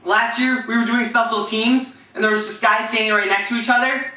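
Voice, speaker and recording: A man's voice: very high-pitched, steady tone, fairly quick, pushed and bright. Chatty guy telling team stories. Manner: chatty, rambling, with restarts and bursts into impressions. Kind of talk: casual storytelling with impressions. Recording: echoey room, mic at a distance.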